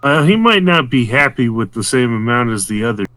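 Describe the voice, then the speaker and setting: A man at a tabletop game thinks through tactics out loud. His voice sits at an ordinary pitch, recorded dry with no room sound. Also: big pitch swings, brisk, no echo. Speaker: player. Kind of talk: casual tabletop game chat.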